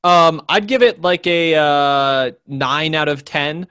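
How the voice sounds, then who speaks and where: A man's voice: fairly high pitch, takes it slowly, sharp tone, smooth, no room sound, studio quality. A man in his twenties co-hosting a sports podcast in casual chat, rambling through stories with lots of fillers. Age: 20s. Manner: rambling storyteller, many fillers.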